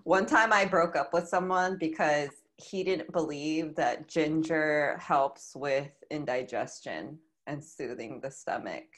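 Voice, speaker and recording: A woman's voice: sits low, measured pace, few pauses, a bit bright. A woman in casual chat, reacting to a story with short exclamations.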